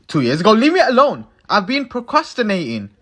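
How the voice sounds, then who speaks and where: A man's voice: high voice, wildly swooping pitch, a little fast, a bit bright. A young man narrating his own cooking videos in a casual, playful way, cracking self-mocking jokes as he goes.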